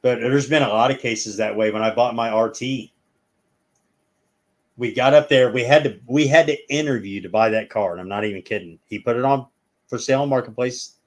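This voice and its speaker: A man's voice: mid-range voice, brisk. A man telling long stories as a guest in a casual chat, rambling and acting out the people in them.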